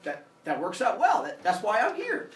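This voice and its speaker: A man's voice: sits high, huge pitch swings, normal speed, echoey room, recorded from a distance, voice pushed up. A man voicing an eager young hero who talks in casual, offhand modern phrases.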